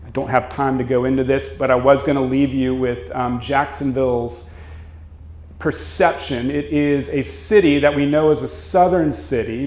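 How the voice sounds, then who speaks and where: A man's voice: medium pitch, a little mellow. A middle-aged man from Florida giving a public history lecture with slides, explaining steadily with occasional fillers. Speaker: guest lecturer. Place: church hall. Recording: echoey hall.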